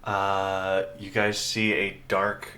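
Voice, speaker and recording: A man narrating a tabletop game as game master, in a relaxed, halting way with many pauses. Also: sits low, a crowd in the background.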